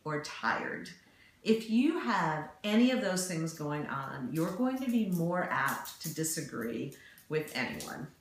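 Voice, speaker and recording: A woman co-hosting a relationship advice talk, explaining casually and acting out example phrases. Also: lowish voice. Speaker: relationship video co-host. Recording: very echoey room.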